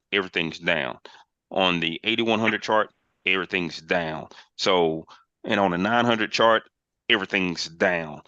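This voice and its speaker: An emphatic man coaching traders on a group call, circling back on his phrases to drive points home. His voice is bright and forceful and sits a little low. The call audio is dry and dull, with a lo-fi sound. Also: no echo. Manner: emphatic, repeats phrases, playful bursts. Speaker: trading mentor, host. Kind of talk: casual online group call, chart walkthrough.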